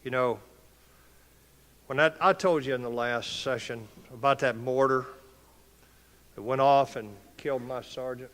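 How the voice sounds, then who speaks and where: An older man delivers an impassioned, preacher-like talk in a forceful, mid-pitched voice. His words echo around a large conference hall. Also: measured pace, pauses often. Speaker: conference speaker. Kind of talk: motivational speech.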